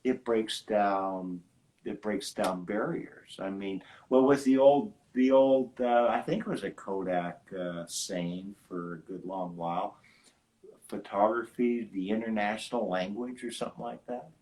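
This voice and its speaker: Older man, low voice, halting and thoughtful. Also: a little mellow, rough recording. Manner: thoughtful, halting, many fillers. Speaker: guest, film lab owner. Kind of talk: casual conversation.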